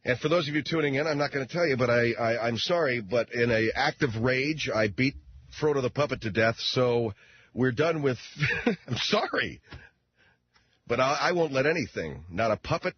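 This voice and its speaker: A man's voice: medium pitch, breathy edge, muffled recording. A man playing a sheepish radio host who keeps apologizing in a comedy radio sketch.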